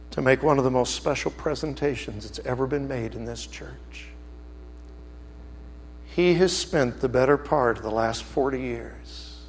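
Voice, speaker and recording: Gravelly preacher man in a reverberant hall. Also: medium pitch, slight background noise. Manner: animated, swings from loud outbursts to hushed, slow emphasis. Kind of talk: sermon storytelling.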